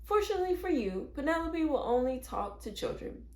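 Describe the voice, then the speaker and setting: A woman voicing a calm, kindly neighbor woman in a read-aloud storybook, reassuring and soothing. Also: high-pitched, a little fast, voice pushed up. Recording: roomy echo.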